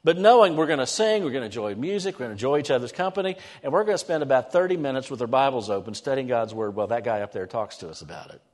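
A middle-aged male pastor preaching a conversational, animated sermon in a church, swinging between lively emphasis and soft, prayerful asides. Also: medium pitch, racing, few pauses, in a large hall. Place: church sanctuary.

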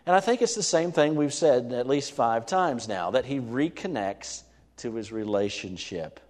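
A male pastor preaches in a sanctuary with a long hall echo. His voice sits at a middle pitch. He asks his congregation questions and climbs into fervent scripture reading. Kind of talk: sermon.

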